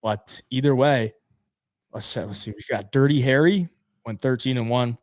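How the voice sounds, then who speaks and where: A man's voice: mid-range voice, moderate pace, no room sound, studio quality. A man co-hosting a casual fight-picks show, laid-back and chatty, reading sponsor plugs too. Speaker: podcast co-host.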